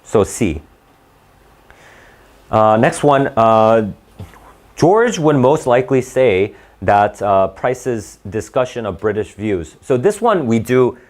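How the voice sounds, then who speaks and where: Speaking slowly at a medium pitch with lively intonation, a man walks through SAT reading questions as a tutor. He reasons out loud casually, self-correcting and repeatedly checking with "right?"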